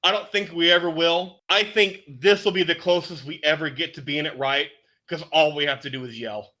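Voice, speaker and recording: A man's voice: a little high, fairly even intonation, brisk, bright, forceful tone. A man co-hosting a movie podcast in casual chat, blunt and emphatic, swearing now and then. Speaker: podcast co-host.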